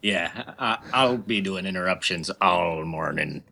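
Gravelly man growling pirate bits. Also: sits low, animated, unhurried, pushed and bright. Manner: dry, interjects pirate growls. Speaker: podcast co-host. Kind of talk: casual comedic chat.

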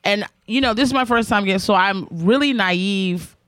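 A woman in her thirties, a comedian guest telling a long, animated anecdote on a casual podcast, brash and swearing freely. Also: medium pitch, normal speed, no room sound.

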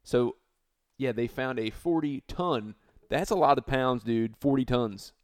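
A man's voice: mid-range voice, a little slow, no room sound, studio quality. A man in his thirties co-hosting a podcast, relaying odd news with wry, swearing casual chat. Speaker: podcast co-host.

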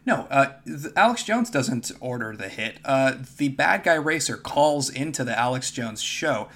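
A man's voice: medium pitch, expressive, unhurried, a bit bright. A man co-hosting a podcast in casual chat, making dry, wry remarks. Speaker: podcast co-host.

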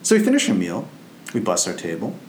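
A man's voice: deep voice, huge pitch swings, a little fast, roomy sound, a little hiss or hum. A man, a Buddhist monk, giving a casual storytelling Dharma talk in a loose, conversational, anecdotal way.

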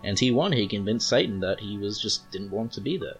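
A man's voice: on the low side, lively intonation, brisk, muffled recording, soft background music. An Australian man casually recapping and reviewing a comic book issue in a chatty, rambling way. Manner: chatty, rambling, reads comic lines aloud.

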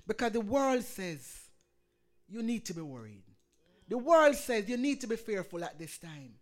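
A woman pastor delivers a sermon with fervor. She rises to ringing calls, then drops to a soft, hushed prayer. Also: medium pitch, sing-song, normal speed. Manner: passionate preaching, swings from loud calls to hushed prayer.

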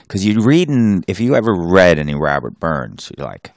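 A very deep-voiced man co-hosting a casual podcast with a lively, swooping delivery. He jokes and laughs, breaking into growled pirate-speak, and the sound is dry and close. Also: moderate pace, dry recording. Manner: jokey, laughing, slips into growled pirate talk. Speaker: podcast co-host.

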